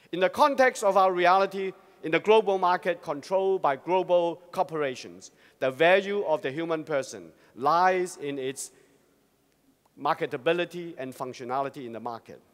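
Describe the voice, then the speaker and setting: High-voiced man speaking in a reverberant hall. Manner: measured, rhetorical, earnest. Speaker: speaker at a Christian congress. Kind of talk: formal prepared address. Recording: long reverb of a large hall.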